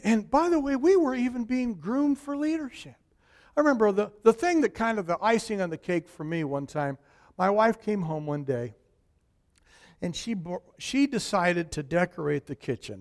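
Man preaching, high voice, very lively pitch, emphatic storytelling. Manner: animated, emphatic, acts out quoted voices. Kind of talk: sermon with personal storytelling.

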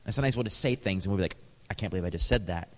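A man preaching in a church, his voice sitting low and carried by the long reverb of a large hall. He tells stories with animated quoted dialogue, then reads scripture aloud to the congregation. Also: rapid-fire. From Canada. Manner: storytelling, lively, animated quotes. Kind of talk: sermon.

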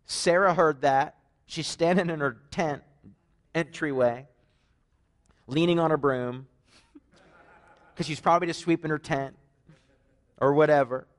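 A man's voice: fairly high pitch, a little slow, long pauses. A man with a Canadian accent preaches a conversational sermon, telling stories with joking asides. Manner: animated storytelling, joking asides.

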